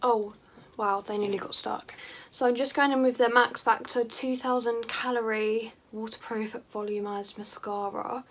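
Her voice sits on the high side, with a steady tone and a normal speed. She's a teen beauty vlogger walking through her makeup routine in a chatty, self-deprecating way that wanders into rambling tangents.

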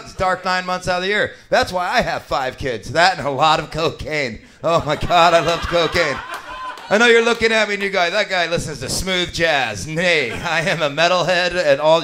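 Forceful, crisp-voiced stand-up man. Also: fairly high pitch, fairly quick. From Alaska. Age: late 40s. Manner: crude, profane, self-mocking jokes. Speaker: stand-up comedian. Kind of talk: live stand-up set. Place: brewery bar stage with live audience.

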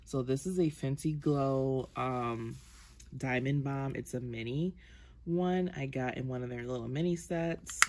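A woman beauty vlogger talks unhurriedly through her makeup collection, her voice carrying a gravelly, fry-laden texture. She rambles and corrects herself mid-phrase, stretching out her ums. A steady hiss of noise sits under the recording. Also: extremely low pitch, unhurried. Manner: chatty, rambling, trails off with ums and self-corrections. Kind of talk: casual makeup collection walkthrough.

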